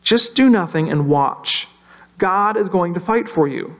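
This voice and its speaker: A man preaching a sermon in a conversational way, slowing down to stress key lines and briefly acting out anxious voices. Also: high voice, animated. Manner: conversational, acts out worried voices, slows for emphasis. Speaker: pastor.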